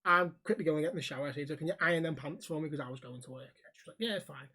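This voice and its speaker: A man's voice: a little high, racing, pushed and bright, husky. A man from Liverpool with a Scouse accent, co-hosting a casual podcast chat, swearing freely and acting out dialogue as he tells stories. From Liverpool, England. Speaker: podcast co-host.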